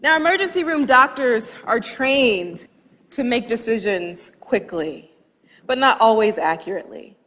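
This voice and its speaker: Woman telling a lively story in a reverberant hall. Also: on the high side, measured pace. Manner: lively, humorous storytelling with quoted dialogue. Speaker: speaker. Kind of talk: storytelling talk. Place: large hall with audience.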